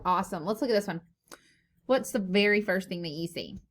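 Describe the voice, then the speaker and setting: A woman teacher leading a phonics lesson for young children, slow and encouraging, sounding out words syllable by syllable. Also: mid-range voice, animated. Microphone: recorded lesson video.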